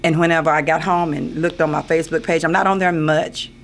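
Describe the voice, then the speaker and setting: Earnest older woman, gravelly and repetitive. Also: deep voice, steady tone, fast talker. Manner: earnest, repeats phrases, laughs often. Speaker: pageant queen guest. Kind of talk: casual radio interview. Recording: AM radio broadcast with faint noise.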